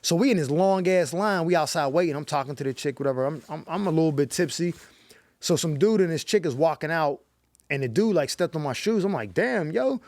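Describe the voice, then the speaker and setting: Animated, foul-mouthed comedian man. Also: on the high side, a little fast, no room sound. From Pittsburgh, USA. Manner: animated, profane, slangy storytelling. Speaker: comedian guest. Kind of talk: comedic storytelling on a talk show. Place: studio.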